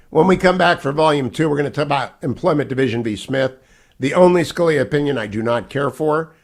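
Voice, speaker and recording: A man hosting a radio talk show, asking emphatic, enthusiastic questions of an author guest. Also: mid-range voice. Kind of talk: radio interview.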